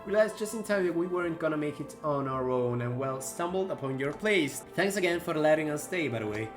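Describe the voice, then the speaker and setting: A man voicing a polite husband asking for shelter, low and soft. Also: expressive, brisk, music in the background, natural voice. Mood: ingratiating. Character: polite husband guest, protective of his wife.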